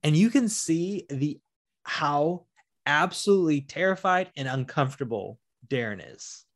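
A man's voice: a little high, lively intonation, a little slow. A man in a loose podcast chat about a film he has watched. He talks it through animatedly and acts out the characters' lines as he goes. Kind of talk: casual film discussion.

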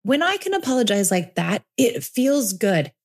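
A woman in her forties hosting a parenting podcast, talking earnestly and reflectively, slowing down to stress her points. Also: a little high, big pitch swings. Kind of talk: reflective solo podcast talk.

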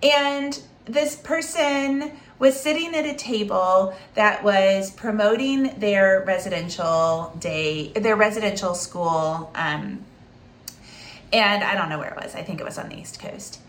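A woman's voice: mid-range voice, a little slow. A woman, a special education advocate, telling a story in a casual monologue, chatty and full of fillers and restarts, acting out the voices she quotes. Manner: lively, acts out quoted speech.

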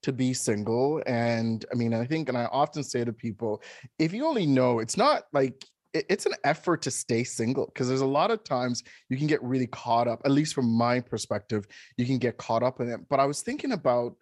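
A man's voice: mid-range voice, lively intonation, brisk, darkish tone, no echo, studio quality. A man co-hosting a podcast in casual chat, a chatty storyteller who laughs often. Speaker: podcast co-host.

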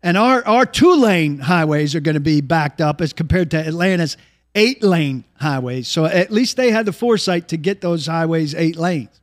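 A man's voice: a little high, expressive, normal speed. A man hosting a sports talk show, chatting in a wry, opinionated way. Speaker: host.

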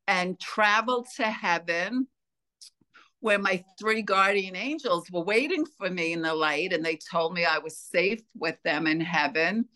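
Slow-speaking, bright-voiced woman. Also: fairly low pitch. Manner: earnest, unhurried storytelling. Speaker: interview guest. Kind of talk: telling a personal story in an interview.

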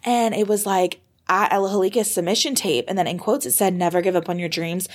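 A young American woman, a podcast guest, telling her story in a lively conversational way, full of "like" and acted-out moments. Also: mid-range voice, fairly quick. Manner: animated, reenacts moments with fillers like "like".

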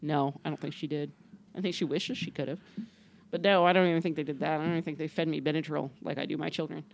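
A woman's voice: sits low, steady tone, fast talker, gravelly. A woman in her thirties, co-hosting a casual podcast chat in a blunt, profane manner, often breaking into laughter. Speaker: podcast co-host.

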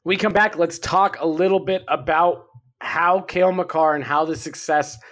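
A man's voice: a little high, steady tone, normal speed, a bit bright. A man hosting a sports podcast, steering the talk into breaks in an upbeat, casual way. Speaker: podcast host.

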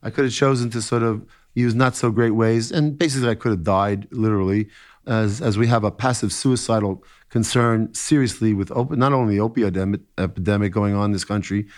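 A middle-aged man, a therapist, telling his own story in an interview, halting with many fillers and restarts and an occasional joke. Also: lowish voice, darkish tone.

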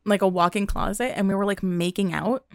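Young woman, casual co-host, lively storyteller, swears a lot, dry close sound. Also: mid-range voice, a little fast, no echo. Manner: animated storytelling, acts out her own outbursts, swears freely. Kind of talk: casual chat.

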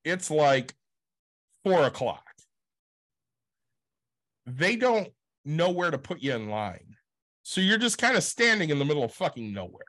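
A man's voice: a little high, sing-song, measured pace, pauses often, fairly bright tone. A man casually telling a long convention story as a podcast co-host, acting out quotes and swearing freely.

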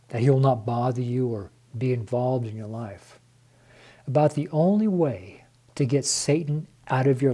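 A man's voice: mid-range voice, dark tone, husky. A man preaching an earnest devotional sermon to his viewers, emotional and close to tears, calling them his friends. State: tearful, voice near crying.

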